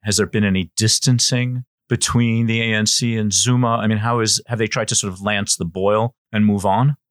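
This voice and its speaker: A male podcast host puts probing questions to his guest in an easy, conversational way. His voice is somewhat low. The sound is close and dry. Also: steady tone, moderate pace, dry recording. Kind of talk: interview questions.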